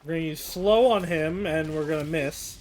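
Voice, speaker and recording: A man's voice: a little high, normal speed, darkish tone, slight background noise. A man casually commenting on a game as he plays it on a live stream, joking and laughing at his own play.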